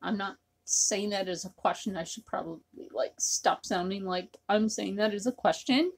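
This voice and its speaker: A woman's voice: medium pitch, moderate pace, husky. A woman talking casually to her camera in a rambling, repetitive way, with many fillers. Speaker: vlogger.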